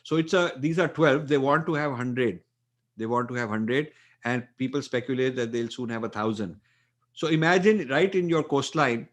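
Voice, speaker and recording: An older man with an Indian English accent, an author answering interview questions emphatically, often repeating phrases and using fillers. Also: mid-range voice. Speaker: author and guest.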